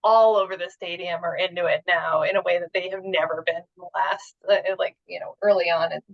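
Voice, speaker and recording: A woman's voice: lowish voice, fairly even intonation, a little fast, gravelly. A woman guest on a podcast, enthusiastic and full of fillers in casual chat, recorded with dull lo-fi sound.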